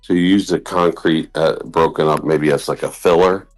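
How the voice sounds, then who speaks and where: A man's voice: rumbling low, steady tone, normal speed, faint music behind. A man hosting a casual live stream, asking his guest short follow-up questions. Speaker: stream host. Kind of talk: casual chat.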